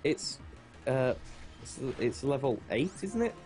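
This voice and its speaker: A man chatting casually on a game stream, laid-back and quick to laugh. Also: mid-range voice, sing-song, a little mellow, soft background music.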